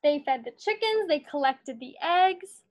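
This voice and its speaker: A woman's voice: high voice, expressive, a little slow, lo-fi sound. A woman teacher reading a picture book aloud to her students in an encouraging, storytelling manner.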